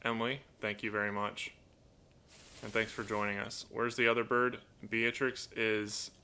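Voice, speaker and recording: A man hosting a casual live stream from home, chatting in a rambling way, reading viewer comments aloud and talking softly to his pet bird. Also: lowish voice. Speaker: live-stream host and toucan owner. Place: at home indoors.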